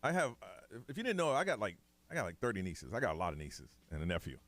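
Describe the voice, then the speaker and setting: Male morning radio host, animated storyteller, quick pace, wide pitch swings. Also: no echo. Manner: animated storytelling, quotes family in voices. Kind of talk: casual morning radio chat.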